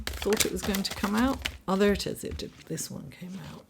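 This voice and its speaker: A woman astrologer with a raspy voice from being under the weather, giving a weekly horoscope and tarot reading in an unhurried, reflective way with many fillers. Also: mid-range voice, background noise.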